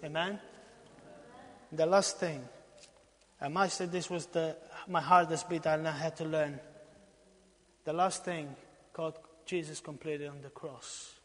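A man from Romania preaching a sermon in a church, repeating his phrases for emphasis and swinging between loud exhortation and hushed lines. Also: on the high side, steady tone, slow, long pauses. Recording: long reverb in a church hall.

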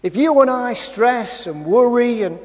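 A man with a very high voice preaches at an unhurried, deliberate pace. He keeps repeating his phrases and putting questions to the congregation. The sound rings with the long reverb of a large hall. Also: expressive. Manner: repetitive, asks the congregation rhetorical questions. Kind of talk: sermon.

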